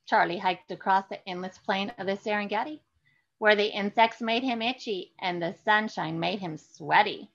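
A woman children's librarian reading picture books aloud for a virtual story time and leading an action song, animated and exclaiming to children. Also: mid-range voice, normal speed, dull audio.

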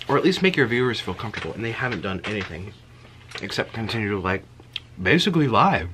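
A man's voice: on the low side, fast talker, a little hiss or hum, poor audio. A man talking casually to camera in an eating vlog, chatty and getting worked up as he talks. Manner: animated, chatty, heated about an online dispute. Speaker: mukbang vlogger.

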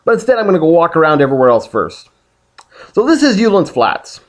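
A man's voice: fairly high pitch, big pitch swings, fast. A man hosting a casual video game playthrough, joking around and reading the game text aloud. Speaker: let's play host.

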